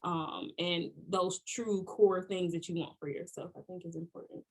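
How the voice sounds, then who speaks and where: Lively woman podcast co-host. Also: lowish voice, moderate pace. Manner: lively, laughs often, says "like" a lot. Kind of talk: casual chat.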